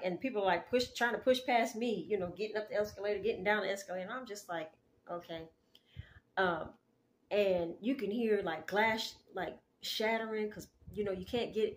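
A woman's voice: medium pitch, slight background noise. Chatty woman telling a dream story. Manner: animated, chatty, lots of filler asides. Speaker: faith vlogger sharing a dream. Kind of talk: casual storytelling.

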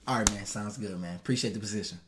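A buttoned-up, overly polite job applicant, soft-spoken and restrained, as a man puts him on. He keeps his voice low and careful. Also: fast talker, background noise, natural voice. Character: polite man putting on a stiff corporate job-interview voice.

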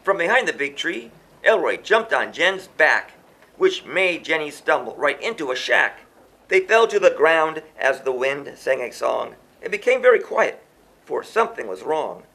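A man's voice: a little high, very animated, moderate pace, creaky, sharp tone, breathy edge. A man reading a rhyming children's story aloud in a sing-song way, chanting the refrains.

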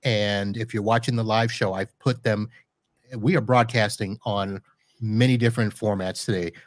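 In a dry, studio-quality recording, a man with a fairly low, steady voice speaks at a normal speed. He's hosting a live podcast from a Florida home studio, chatting casually with a guest in an interview and cracking jokes as he corrects himself.

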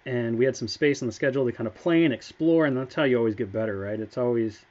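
Man, mid-pitched, enthusiastic casual livestream host, slightly muffled sound. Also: fast talker, darkish tone. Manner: enthusiastic, chatty storytelling. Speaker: game studio staff member.

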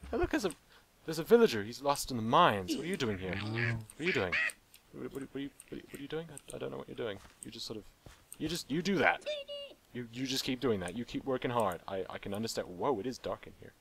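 A man's voice: mid-range voice, animated, fast, creaky, noisy background. A young man hosting a let's play, rambling playfully and joking with the animals in the game. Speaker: gaming channel host.

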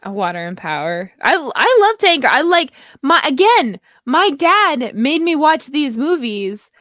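A woman's voice: high voice, very animated, a little slow, fairly bright tone, no echo, clean studio sound. A woman co-hosting a podcast in casual chat. She laughs often and trails off mid-sentence. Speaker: podcast co-host.

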